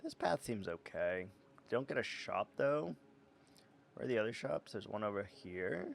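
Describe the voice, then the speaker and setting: A man's voice: fairly low pitch, big pitch swings, normal speed, gravelly. A man streaming a game live, chatting casually in a rambling, self-deprecating way.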